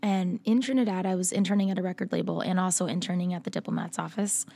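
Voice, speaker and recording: A woman's voice: fairly low pitch, steady tone, quick pace, gravelly, warm tone. Chatty woman from Massachusetts. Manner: chatty, laughs often, storytelling. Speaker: musician guest. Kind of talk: casual podcast interview.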